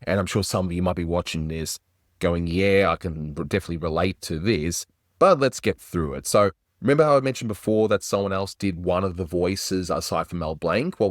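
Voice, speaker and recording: A man hosts a casual review of classic cartoons, chatty and enthusiastic. His voice is low. The recording is dry and close. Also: no room sound. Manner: enthusiastic, chatty, does little voice impressions. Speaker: animation reviewer host.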